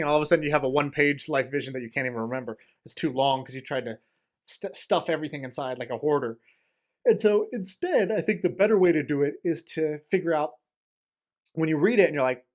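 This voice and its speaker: Eager man with a slightly high voice. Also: expressive. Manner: fast, enthusiastic talk with many fillers and restarts. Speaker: podcast guest, entrepreneur. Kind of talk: casual interview chat.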